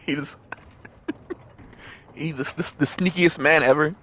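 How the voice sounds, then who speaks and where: A man's voice: a little high, steady tone, slow, fairly bright tone, slight background noise. A man streaming a game, joking and reading its dialogue aloud. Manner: joking, laughing, reads lines aloud.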